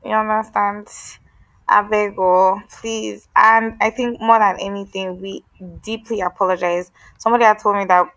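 A Nigerian woman co-hosting a podcast, talking in an animated, emphatic way with pleading asides. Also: medium pitch, normal speed, dry recording, rough recording. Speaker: podcast co-host. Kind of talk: casual chat.

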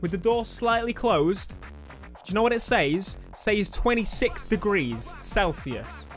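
Guy gaming on a headset, high-pitched, chatty, loud game music behind. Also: measured pace. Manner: chatty, excitable, bursts into loud exclamations. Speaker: gaming YouTuber. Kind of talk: let's play commentary.

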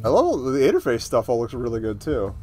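A man's voice: mid-range voice, wildly swooping pitch, quick pace, over music. A man casually commenting while playing a game, joking and reading characters aloud. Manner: casual, jokey, voices characters. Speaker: gameplay streamer.

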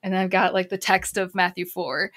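A woman's voice: on the low side, normal speed, dry recording. Reflective woman, chatty and rambling. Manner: reflective, rambling with many "like" fillers, bursts of excited emphasis. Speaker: guest, counselor and author. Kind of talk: casual podcast conversation.

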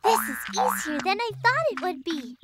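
An excitable cartoon girl inventor. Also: very high voice, moderate pace. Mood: scheming. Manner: bossy and excitable, fond of science. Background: loud kids' cartoon music.

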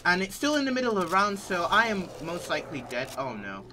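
A man's voice: high voice, huge pitch swings, a little fast, noisy background. A teenage male gaming host commenting nervously while he plays, panicky and jittery, with frequent nervous laughter. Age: teens.

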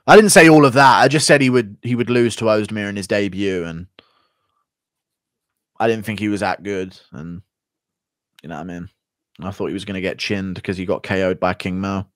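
A man's voice: lowish voice, moderate pace, long pauses, a bit bright, no echo. A man hosting a live stream, reading out donations and answering chat questions in a blunt, profane, rambling way. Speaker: streamer host.

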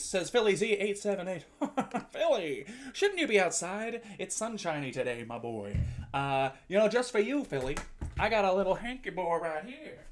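A man's voice: high voice, big pitch swings, moderate pace. A man streaming live, chatting casually and playfully with his viewers, reading their messages aloud and joking back.

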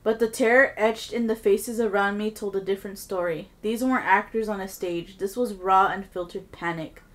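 A woman podcast host reading a creepy story aloud with steady storytelling and blunt, casual asides. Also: medium pitch, moderate pace, few pauses.

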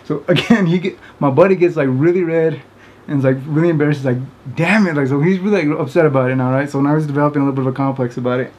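A man tells a funny story in a loose, rambling way, full of fillers. His voice sits a little high for a man. He keeps breaking into laughter as he talks. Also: fairly even intonation, rapid-fire, darkish tone. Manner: laughs often, rambling, many "like"s. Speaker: vlogger. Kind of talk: casual storytelling.

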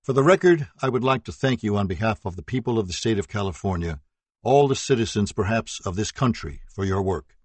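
A formal, measured judge speaks from the bench, as a man reads his words. His voice is low and a little husky, recorded dry and close. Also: expressive, dry recording. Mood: grateful. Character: formal male judge addressing court.

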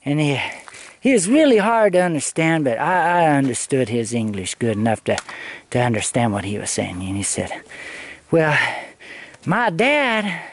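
A man's voice: mid-range voice, moderate pace, slight background noise. A man vlogging outdoors on a hillside road, telling a rambling story and swearing freely as he talks to his viewers. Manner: profane, loose, talks to viewers as he walks. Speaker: travel vlogger.

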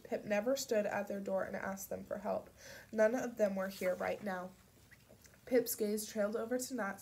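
A woman narrating an audiobook in a steady, measured reading voice. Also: mid-range voice, gravelly.

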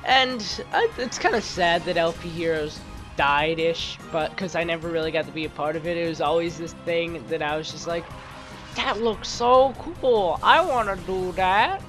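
A man's voice: a little high, moderate pace, music in the background. A man with a sore throat giving chatty, rambling let's play commentary, restarting sentences and poking fun at himself.

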